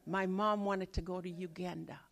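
A woman in her forties preaching a sermon, telling a personal story with dramatic swings from loud exclaiming to hushed lines. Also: on the low side, fairly even intonation, moderate pace.

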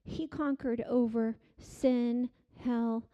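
Woman pastor, middle-aged, high voice; dynamic sermon delivery with hushed and soaring emphatic moments. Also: steady tone, drawn-out words, highs cut off. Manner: dynamic preaching, swings from hushed to loud emphatic peaks.

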